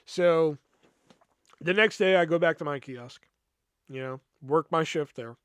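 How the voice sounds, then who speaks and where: A man's voice: on the high side, measured pace, fairly bright tone, smooth, no echo. A man hosting a podcast, telling a personal work story in a heated, profane way, full of fillers. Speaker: podcast host.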